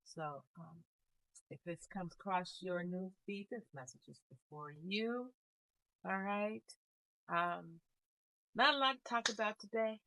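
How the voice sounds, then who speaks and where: A woman giving a casual spiritual card reading, speaking calmly and musingly with a melancholy air. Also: mid-range voice, slight background noise, low-quality recording. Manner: calm, unhurried, musing with soft laughs. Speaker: tarot reader.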